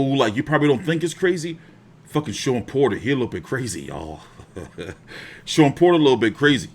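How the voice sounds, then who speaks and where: A young man hosting a boxing live stream, telling stories in casual, profane slang. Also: fairly high pitch. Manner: profane, animated storytelling with slang.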